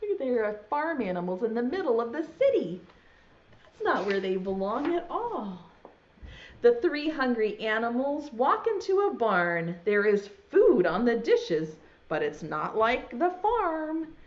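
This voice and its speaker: A woman's voice: fairly high pitch, sing-song, a little slow. A woman teaching preschool online, reading a storybook aloud in a sing-song voice and talking straight to young children. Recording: dull lo-fi sound.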